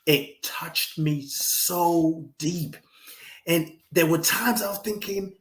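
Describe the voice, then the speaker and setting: A man guest talking reflectively in a conversation, expressive and animated, slipping into emotional stories. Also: fairly high pitch, slow pace, roomy sound.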